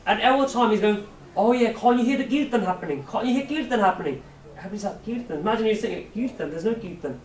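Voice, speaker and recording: Male preacher, high voice, animated storyteller, recorded from across an echoey hall. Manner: animated storyteller, asks audience questions, acts out voices. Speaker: Sikh preacher. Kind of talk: storytelling talk to youth camp. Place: large hall at a camp. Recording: echoey hall, mic far off, faint hiss.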